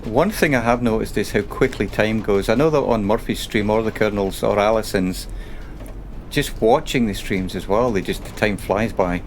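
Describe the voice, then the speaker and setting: A man's voice: on the low side, moderate pace, a little hiss or hum. A man streaming a bus-driving game, chatting and thanking viewers in an emotional, rambling way.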